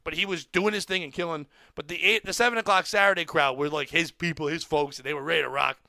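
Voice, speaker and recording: An excitable man with a high, gravelly voice tells a wild story on a podcast, swearing freely and yelping out the crowd's screams. His tone is bright and edgy, and the sound is close and dry with no room around it. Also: quick pace, no room sound. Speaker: comedian telling a story on a podcast. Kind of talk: animated storytelling.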